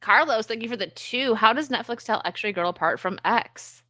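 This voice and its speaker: A woman's voice: on the high side, lively intonation, moderate pace, sharp tone, no room sound. A woman co-hosting a casual live stream, reading out donations and telling stories with lots of laughter. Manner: laughs often, talks through funny stories. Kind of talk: casual chat.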